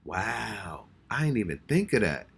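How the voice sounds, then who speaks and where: A man's voice: lowish voice, big pitch swings, normal speed, a bit bright, husky. An American man hosting a reaction channel, talking casually and exclaiming as he reacts, often repeating himself. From United States. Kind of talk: casual music reaction commentary.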